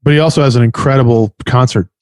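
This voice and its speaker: A man's voice: medium pitch, fast, dry recording. A man co-hosting a casual podcast, tossing in wry, joking asides. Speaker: podcast co-host. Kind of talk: casual chat.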